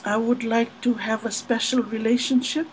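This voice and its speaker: A woman's voice: on the high side, fairly even intonation, moderate pace, slight background noise, close to an everyday voice, low-quality recording. A Fijian woman voicing a polite, hesitant man who earnestly asks her for a special relationship.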